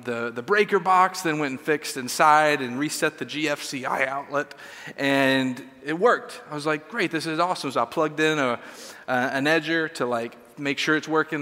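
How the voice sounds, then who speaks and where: A man tells a sermon story in a loose, self-deprecating way, stumbling through fillers. His voice is bright and forward. It rings with the long reverb of a church hall. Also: fairly high pitch.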